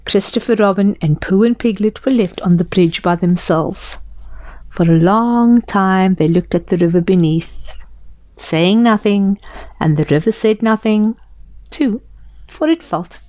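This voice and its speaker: A woman reading a children's storybook aloud in a slow, gentle, expressive way. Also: mid-range voice, no echo. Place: library.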